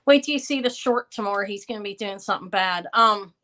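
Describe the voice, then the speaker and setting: Speaking fast in a mid-range, sharp-toned voice, this fifty-something woman runs a casual livestream jewelry sale. Between items she wanders off into chatter, thanking viewers and responding to their questions.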